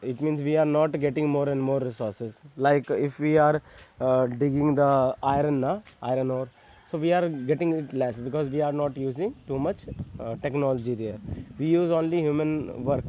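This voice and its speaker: A man's voice: medium pitch, fairly even intonation, moderate pace. Hesitant Indian-accented male teacher, tinny sound. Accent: Indian English. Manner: hesitant with many fillers, stressing points for exams. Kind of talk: classroom lecture.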